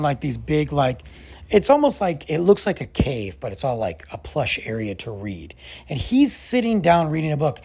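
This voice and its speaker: Male podcast host, casual storytelling, husky voice, lively pitch, exasperated, lots of fillers.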